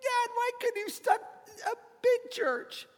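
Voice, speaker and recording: A man voicing a panicky, whining man who complains to God in a high, shouting voice, in a big hall. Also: takes it slowly. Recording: long reverb of a big hall.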